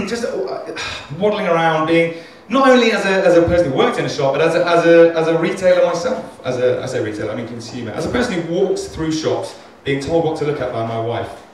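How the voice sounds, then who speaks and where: Rambling, sweary comedian on stage. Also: male voice, a little high, lively intonation, brisk, hardly any pauses, a little hiss or hum. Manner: rambling, self-deprecating, sweary. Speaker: stand-up comedian. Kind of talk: stand-up comedy set. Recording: echoey club, recorded from far off.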